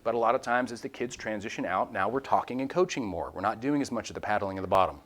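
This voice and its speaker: Animated man leading a Bible study. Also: on the low side, fast talker. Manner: animated, acts out quoted voices and prayers; candid and self-deprecating. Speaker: small-group Bible study leader. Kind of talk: informal teaching to a group.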